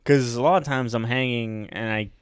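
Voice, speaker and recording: A man's voice: medium pitch, moderate pace, smooth, no echo, studio quality. A man, a comedian co-hosting a podcast, chatting casually and acting out his own reactions as he tells stories. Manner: animated storytelling, acts out his own reactions. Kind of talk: casual chat. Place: podcast studio.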